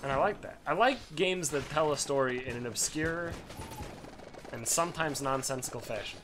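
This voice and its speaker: A young man hosting a let's play, rambling through casual gameplay commentary, swearing freely with excitable bursts. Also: medium pitch, moderate pace, noisy background.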